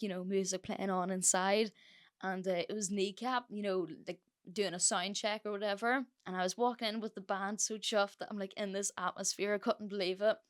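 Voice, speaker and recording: A young woman hosting a solo podcast, telling a story in a chatty, sweary way with lots of fillers. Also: mid-range voice. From Ireland. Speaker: podcast host.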